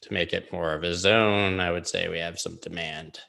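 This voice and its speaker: A man's voice: sits low, steady tone, normal speed, creaky, bright, forceful tone. A man hosting a live-streamed chart analysis, rambling casually with jokey asides. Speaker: crypto chart analyst host.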